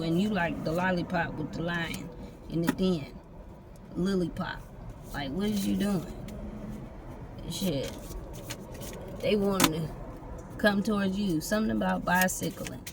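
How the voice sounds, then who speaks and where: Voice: medium pitch, steady tone, moderate pace. A tarot reader giving a loose, casual reading, free-associating from one image to the next with plenty of profanity. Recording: noisy background with vehicle sounds.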